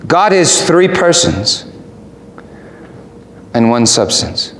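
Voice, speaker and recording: A man's voice: a little high, lively intonation, slow, fairly bright tone, slight background noise. A man preaching a sermon in an emphatic, rhetorical way. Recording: echoey room with faint ambience.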